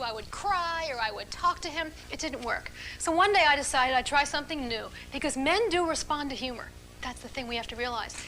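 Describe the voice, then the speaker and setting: A middle-aged woman leading a seminar for a live audience, talking in an animated, emphatic and playful way. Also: sits high, slight background noise. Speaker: relationship speaker leading a seminar.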